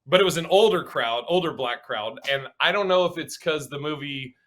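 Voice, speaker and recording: Animated, bright-voiced man telling stories. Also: a little high, normal speed. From Pacific Northwest, US. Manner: animated, laughing, acts out quotes. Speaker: stand-up comedian, guest. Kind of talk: casual interview storytelling.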